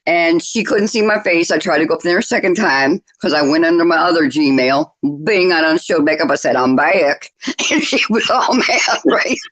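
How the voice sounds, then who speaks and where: A woman guest on a livestream panel, telling gossip stories in an animated way and laughing often. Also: lowish voice, moderate pace, low-quality recording. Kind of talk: casual gossip chat.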